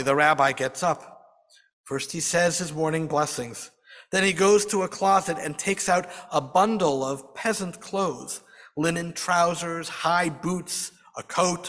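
A man's voice: on the high side, a bit bright. A man narrating a folk tale dramatically, with varied emphasis, as a storyteller in a large hall.

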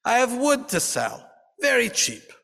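A man's voice: very high-pitched, huge pitch swings, measured pace, creaky, sharp tone, pitched above the performer's own voice, full character voice. A man voicing a rabbi disguised as a peasant woodseller, kindly scolding, heard in a reverberant hall. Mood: coaxing.

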